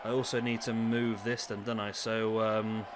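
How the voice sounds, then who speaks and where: Speaking at a moderate pace in a rather low, flat voice, a thirtysomething streamer chats with viewers during a live wrestling game. A crowd and other background noise can be heard.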